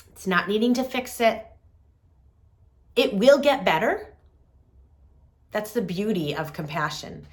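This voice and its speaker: A woman hosting a reflective talk on compassion, speaking softly and deliberately with gentle pauses. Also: mid-range voice. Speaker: host.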